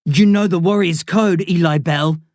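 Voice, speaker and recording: An intense teenage boy with a Vietnamese accent intones his lines formally, as if reciting a sacred code, voiced by a male reader. His voice sits somewhat higher than the narration. The sound is dry and close. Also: a little slow, no echo. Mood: solemn menace. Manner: formal, solemn, ritualistic. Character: intense teenage boy, solemn self-styled warrior.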